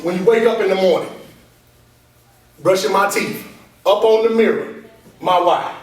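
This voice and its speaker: A high-voiced man gives an animated motivational talk to a room full of listeners and keeps asking if they follow him. He sounds distant from the microphone, with a strong echo of the room around him. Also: normal speed. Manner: animated call-and-response, repeatedly asking the audience to follow along. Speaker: motivational speaker and coach. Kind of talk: motivational talk to a live group. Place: meeting room with an audience. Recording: echoey room from far off.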